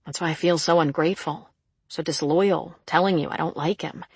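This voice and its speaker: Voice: medium pitch, fairly even intonation, normal speed, husky, dry recording. A reader voicing an earnest, self-questioning woman criminal psychologist in an audiobook. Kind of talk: audiobook character reading.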